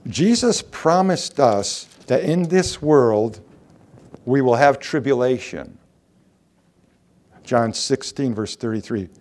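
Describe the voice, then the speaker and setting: Man, preacher, sermon, unhurried, animated intonation, rhetorical questions. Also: mid-range voice. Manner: animated, rhetorical questions, reads scripture aloud.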